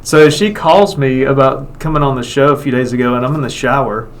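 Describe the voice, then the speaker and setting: A man's voice: medium pitch, brisk, a little hiss or hum. A man co-hosting a radio morning show, telling jokey stories. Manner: joking storyteller. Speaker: radio co-host. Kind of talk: casual radio banter.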